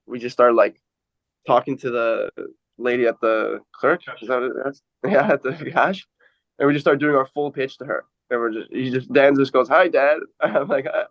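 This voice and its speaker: A man's voice: medium pitch, no room sound. Rambling man telling a story, dry dull sound. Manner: rambling, filler-heavy storytelling. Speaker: entrepreneur guest. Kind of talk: casual podcast chat.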